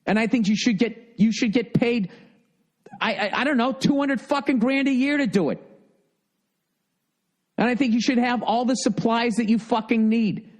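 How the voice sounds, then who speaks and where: A man's voice: very high voice, moderate pace, long pauses. A man in his fifties with a Boston accent, ranting profanely and with exasperation as a podcast host reading listener mail.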